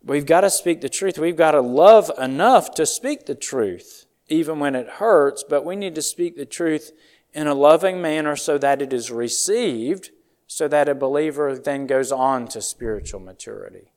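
A man's voice: a little high, animated. Earnest male preacher delivering a sermon. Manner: earnest, reads scripture aloud in measured old-style phrasing; closes in quiet, soft-spoken prayer.

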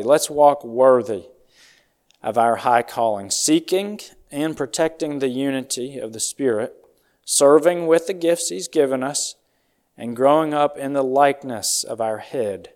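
Man, preacher, sermon, earnest, measured scripture reading, quiet prayer, mid pitch. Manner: earnest, reads scripture aloud in measured old-style phrasing; closes in quiet, soft-spoken prayer.

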